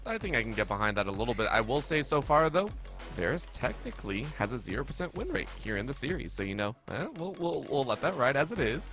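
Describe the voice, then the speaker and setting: A man's voice: mid-range voice, sing-song, a bit bright, faint music behind. A man casting live esports play-by-play in an upbeat, chatty way. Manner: upbeat, chatty, quick to laugh. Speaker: play-by-play caster.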